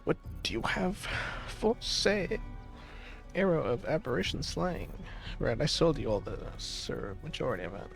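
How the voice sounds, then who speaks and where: A man's voice: fairly high pitch, sing-song, normal speed, gravelly, faint music behind. A man streaming a video game and commenting as he plays, rambling and swearing casually to fill dead air. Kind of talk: gameplay commentary.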